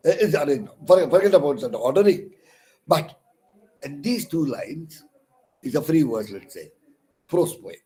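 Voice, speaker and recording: Slow, deliberate Indian English lecturer. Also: male voice, mid-range voice, lively intonation, mellow, low-quality recording. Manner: slow, deliberate, spells words out letter by letter; frequent pauses with "uh" and self-corrections. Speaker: counsellor teaching English. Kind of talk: recorded lecture.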